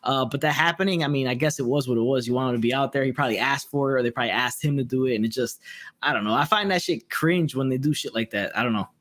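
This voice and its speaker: A man's voice: mid-range voice, quick pace, fairly bright tone. A man hosting a casual wrestling talk show, speaking bluntly with lots of swearing and reading out viewer comments. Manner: profane, blunt and laid-back, reads viewer comments. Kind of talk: casual podcast chat.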